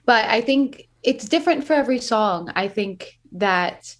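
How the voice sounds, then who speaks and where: A woman's voice: a little high, animated, measured pace. A woman from New York State with a slight Brooklyn accent, a singer-songwriter guest in a casual interview, chatty, self-deprecating and hesitant.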